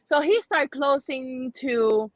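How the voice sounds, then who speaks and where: Chatty woman host, fairly high voice. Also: expressive, slow, no room sound. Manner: chatty storytelling with many restarts. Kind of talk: casual chat.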